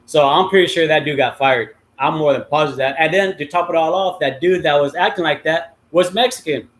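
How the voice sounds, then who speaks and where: Fairly high in pitch and fairly quick, the voice is that of a middle-aged livestream host. He tells a long story in a rambling, casual way, full of swearing and um-and-uh fillers.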